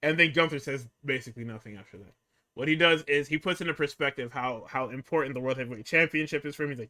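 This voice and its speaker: A man's voice: mid-range voice, quick pace. A man co-hosting a podcast, telling a story in casual, profane chat and acting out what others said. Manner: animated, profane storytelling, acting out quotes, frequent laughter. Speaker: podcast co-host recapping wrestling.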